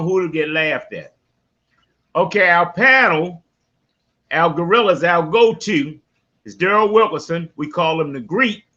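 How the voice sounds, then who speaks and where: A man with a Baltimore accent hosting a casual live sports podcast from his man cave, talking in loud, slangy, folksy bursts. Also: on the high side, muffled recording. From West Baltimore. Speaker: podcast host.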